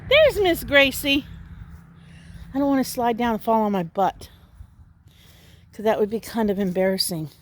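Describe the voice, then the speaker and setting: A woman's voice: a little fast, pauses often, a little mellow. A woman, chatting casually in a vlog outdoors by her house and talking to her dogs. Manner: chatty, talks to her dogs in a high baby voice. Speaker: vlogger. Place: outdoors around a country house.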